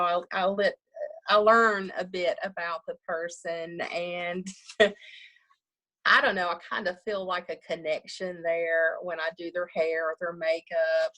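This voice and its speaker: A woman's voice: lowish voice, fairly bright tone. A woman funeral director talking casually in an interview, chatty, often laughing and acting out what people say.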